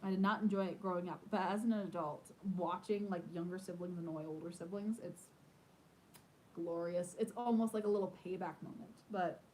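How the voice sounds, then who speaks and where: A woman in her thirties, a podcast host, chatting casually and telling animated stories with lots of "like". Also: lowish voice, normal speed, slight background noise, low-quality recording. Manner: chatty, animated storytelling with many "like"s. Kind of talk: casual chat.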